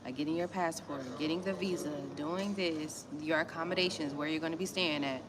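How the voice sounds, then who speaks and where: A woman's voice: low-pitched, fairly even intonation, brisk, noisy background. A woman from Miami with a Southern US accent, chatting casually and bluntly with viewers about small business grants on a livestream. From Miami, Florida, USA. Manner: blunt, slangy, talks straight to viewers. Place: West Africa.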